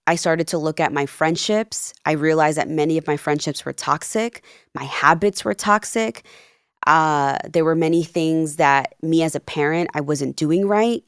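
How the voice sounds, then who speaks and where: A woman in her thirties with a notably low voice tells her story in a casual interview. She acts out each quoted exchange with lively emphasis. The sound is dry and close. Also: clean tone, no echo. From Peru and New Jersey. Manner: animated, acts out quoted dialogue. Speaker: podcast guest, life coach.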